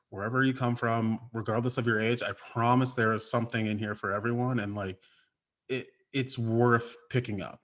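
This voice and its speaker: Rambling excited man on a panel. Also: mid-range voice. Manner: enthusiastic, rambling with many fillers. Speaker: comic book writer on a panel. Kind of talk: casual panel chat.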